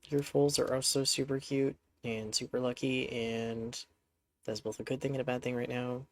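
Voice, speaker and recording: A man with a congested, mid-range voice streams a horse game, talking casually to his horses at normal speed in a level tone. His gameplay commentary rambles along in a chatty way.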